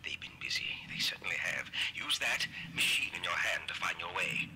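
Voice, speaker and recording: A man voicing a mysterious, ominous male guide in a horror game, speaking in a breathy whisper. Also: low-pitched, steady tone, brisk. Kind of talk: game voice acting.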